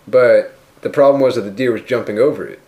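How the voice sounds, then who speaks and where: A man co-hosting a loose comedy podcast in an average-pitched voice. He rambles through crude jokes and sometimes puts on a mock-offended tone. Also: fast, a little mellow. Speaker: podcast co-host. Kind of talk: casual comedy podcast chat.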